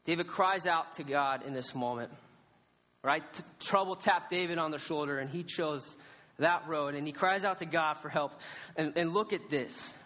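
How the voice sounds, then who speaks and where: A young man preaching a casual, storytelling sermon as a youth pastor, animated and laughing at himself. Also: fairly high pitch. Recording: reverberant hall.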